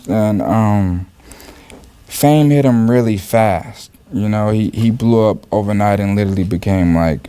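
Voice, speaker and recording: A man reflecting in an interview, with a soft-spoken manner and many fillers. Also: fairly low pitch, smooth. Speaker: interview guest.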